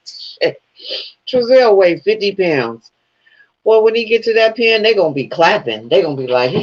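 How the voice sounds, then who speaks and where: Guy ranting casually to his viewers, cussing a lot, voice a bit high, kinda muffled lo-fi audio. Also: expressive, moderate pace. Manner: profane, rambling storytelling with laughs. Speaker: vlogger. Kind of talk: casual commentary. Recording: dull lo-fi sound.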